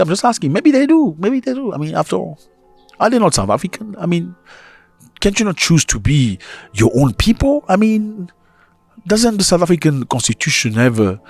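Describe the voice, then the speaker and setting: Gravelly man firing rhetorical questions. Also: fairly high pitch, no echo. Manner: animated, rhetorical questions, chuckling asides. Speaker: commentator. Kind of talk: casual opinion commentary to viewers.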